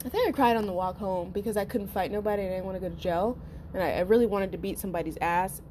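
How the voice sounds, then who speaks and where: A woman hosting a podcast, telling a personal story in a casual, profane, animated way and talking straight to her listeners. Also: medium pitch, fast, a little hiss or hum. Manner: profane, animated, acts out quotes; addresses listeners as y'all. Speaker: podcast host.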